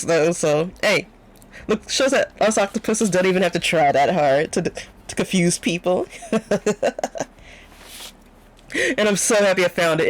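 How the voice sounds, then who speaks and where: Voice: mid-range voice, rough recording. A young adult VTuber chatting casually on stream in a rambling, filler-heavy way, often breaking into giggles.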